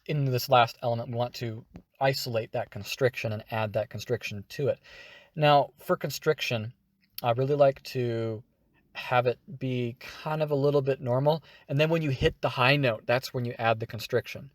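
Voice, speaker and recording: Guy teaching character voices, energetic, dry close sound. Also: medium pitch, normal speed, dry recording. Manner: energetic, demonstrative. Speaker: voice acting teacher. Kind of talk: tutorial explanation.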